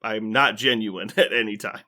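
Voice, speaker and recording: A man's voice: lowish voice, moderate pace, bright, forceful tone. A man co-hosting a podcast in casual chat, with dry and sarcastic delivery. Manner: dry, sarcastic, matter-of-fact. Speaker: podcast co-host.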